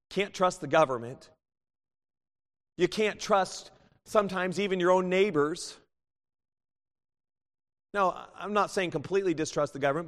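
Impassioned preacher man in a reverberant hall. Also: a little high. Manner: impassioned preaching with rising bursts and hushed pleas. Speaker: pastor. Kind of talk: sermon. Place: church sanctuary. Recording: long church reverb.

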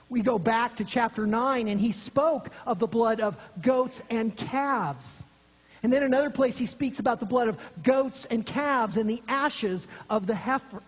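A preacher giving an earnest expository sermon, dropping low and quiet for emphasis, recorded in a church sanctuary. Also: breathy edge. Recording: long hall reverb.

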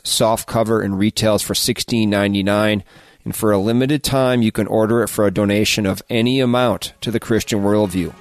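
A man hosting a radio interview, speaking in a measured way as he reads book passages and order details. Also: on the low side. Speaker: radio host.

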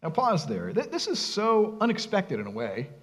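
A male pastor with a fairly high voice preaches in a lively, sing-song way, his pitch rising and falling widely. He talks casually and keeps asking his listeners rhetorical questions. A long reverb trails behind his words, as in a large church sanctuary. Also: normal speed. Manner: animated, conversational, with rhetorical questions. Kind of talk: sermon.

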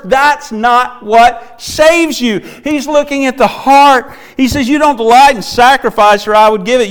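A man preaching a sermon in an earnest way, often checking in with his listeners and rising in pitch and volume when he stresses a point. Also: smooth. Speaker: pastor.

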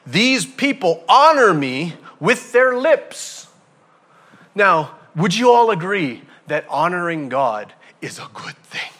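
A male pastor delivering a sermon in a lively, animated way. His voice is bright and forceful and sits a little above the usual male pitch. He asks the room questions and acts out little scenes as he goes.

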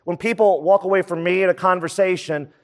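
A man preaching a sermon in a conversational style, full of quick asides. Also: high voice, fairly even intonation, in a large hall. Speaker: pastor.

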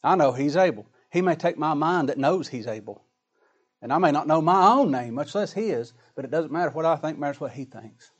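A man's voice: on the high side, lively intonation, a little fast, breathy edge, highs cut off. A man preaching a sermon in a folksy, dramatic style, with plain colloquial grammar and rising, emphatic lines.

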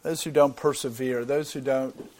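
A preacher gives a Bible teaching in an earnest, explanatory manner, his middle-pitched voice steady and his speed normal. While working out his point he frequently restarts phrases and repeats words, with background noise audible behind him.

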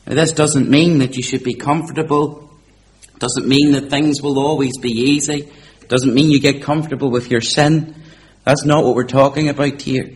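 A man delivering a sermon at a middle pitch, climbing to loud, high proclamation and then dropping to a hushed, slowed delivery. A faint hum of room ambience sits under his voice. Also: steady tone. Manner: rises to loud, high preaching and drops to quiet, slow emphasis. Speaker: preacher.

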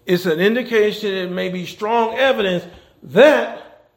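A man delivers a conversational sermon, repeatedly checking in with "okay?". His voice is slightly high and gravelly. The church room is echoey, with faint noise in the background. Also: a little slow. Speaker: pastor and chaplain. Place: church sanctuary.

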